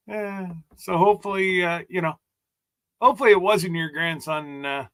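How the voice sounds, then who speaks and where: A man's voice: high voice, bright, forceful tone. A man hosting a casual livestream chat, rambling and joking as he stumbles over his words. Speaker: host.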